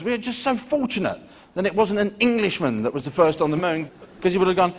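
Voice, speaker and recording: British man doing stand-up, rambling conversational delivery, lively pitch, noisy live recording. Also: fast talker. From Britain. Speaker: stand-up comedian. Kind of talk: stand-up comedy. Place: live comedy venue. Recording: live show with background noise.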